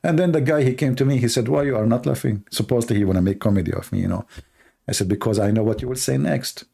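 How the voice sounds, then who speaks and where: Live-stream host, male, Arabic native from the Middle East, gravelly and dark, loose joking ramble. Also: medium pitch, quick pace. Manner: rambling, joking, reacting to chat. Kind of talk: casual live-stream chat.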